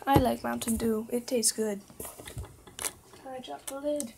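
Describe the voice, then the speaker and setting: A woman's voice: on the high side, fairly even intonation, unhurried, gravelly, background noise. A tired young woman reading fan fiction aloud on a casual livestream, often stumbling over words, correcting herself and joking with her chat.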